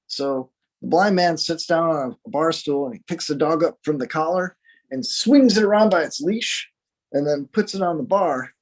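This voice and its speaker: A man's voice: fairly high pitch, normal speed. A man casually telling long bar jokes on a podcast, rambling and laughing at his own punchlines.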